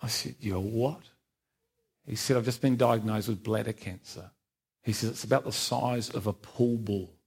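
A man's voice: on the low side, fairly even intonation, moderate pace, vocal fry, darkish tone, husky. A man giving a personal church testimony, frank and self-mocking, often laughing at himself. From England. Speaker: testimony speaker.

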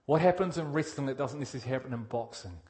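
Rapid-fire and mid-range in voice, a male preacher gives an energetic, direct sermon. He asks the congregation questions, his delivery ranging from loud emphasis to quiet intensity.

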